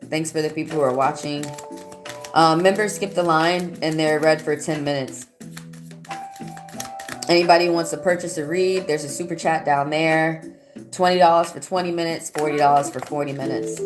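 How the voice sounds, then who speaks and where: A woman giving a casual live-stream tarot reading, answering viewer comments aloud in a loose, rambling way. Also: fairly low pitch. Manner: loose and rambling, with fillers and restarts. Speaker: tarot reader. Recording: music playing behind the voice.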